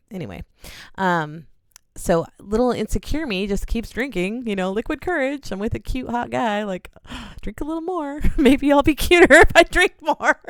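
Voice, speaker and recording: A woman recounts a personal misadventure in a casual storytime, giggling and acting out the voices with sudden jumps up in pitch. Her voice is smooth and clear, recorded close in a dry, dead room. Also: no echo. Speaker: channel host telling a story.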